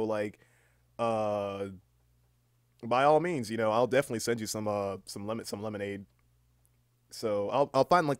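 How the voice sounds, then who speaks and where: A man in casual livestream chat, rambling and cursing as he reads aloud with plenty of filler words. His voice sits in a middle pitch. The close microphone sounds dry, with no room echo. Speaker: live streamer.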